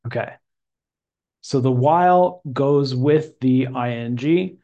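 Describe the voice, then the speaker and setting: A man teaching English grammar, speaking slowly and deliberately and drawing out key words for a student. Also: medium pitch, mellow.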